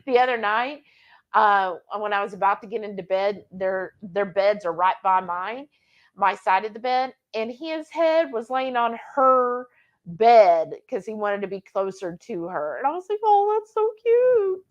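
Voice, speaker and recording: A woman's voice: medium pitch, measured pace, lo-fi sound. A woman co-hosting a live cooking stream, chatting casually and reading out viewer comments, often acting out her pets in silly voices. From Texas.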